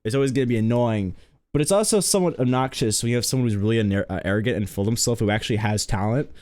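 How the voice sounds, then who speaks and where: A man's voice: mid-range voice, racing, a little mellow, dry recording. A man streaming live, chatting casually and rambling to his viewers.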